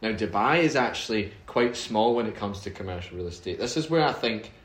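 A man's voice: lowish voice, expressive, a little fast, a bit bright. A man co-hosting a casual podcast, easygoing and rambling. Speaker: podcast co-host. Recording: echoey room.

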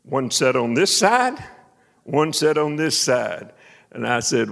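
A man preaching a sermon as a folksy, animated story, shouting praise and laughing along the way. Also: a little high, slow pace, vocal fry. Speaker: preacher and minister of missions. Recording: echoey hall.

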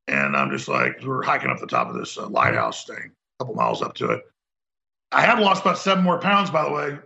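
Male talk radio host, gravelly and forceful, rambling heated monologue on dull lo-fi audio. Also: extremely low pitch, wildly swooping pitch, fairly quick.

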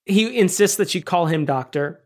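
A podcast co-host in casual chat, animated and emphatic, swearing casually. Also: mid-range voice, moderate pace.

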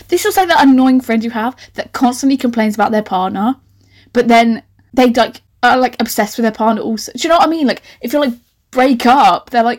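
A woman in her twenties with an animated, laughing manner, reading out her old writing and mocking it with sarcastic asides. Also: a little high, brisk. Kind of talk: comic reading with commentary.

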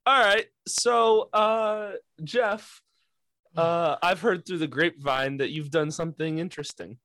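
A man's voice: a little high, measured pace, pushed and bright, dry recording. A man co-hosting a podcast, teasing his friends with laughing banter in casual chat. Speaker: podcast co-host.

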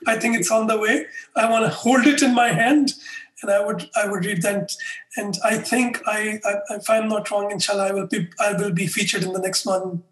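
A man being interviewed, telling anecdotes in an animated way and acting out the dialogue. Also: high-pitched, normal speed. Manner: animated storyteller who acts out dialogue. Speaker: interview guest, customer experience faculty member. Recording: echoey room.

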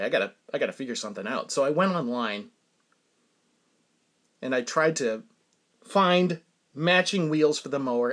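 With a mid-range, fairly bright voice, a New England-accented man hosts a podcast and spins a meandering story that amuses him, chuckling frequently and muttering his asides in a casual monologue.

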